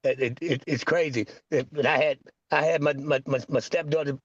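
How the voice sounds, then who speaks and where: A man's voice: on the high side, fairly even intonation, a little fast, no room sound, highs cut off. A middle-aged man talking casually, stammering and rambling with frustration. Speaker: podcast guest. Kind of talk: casual chat.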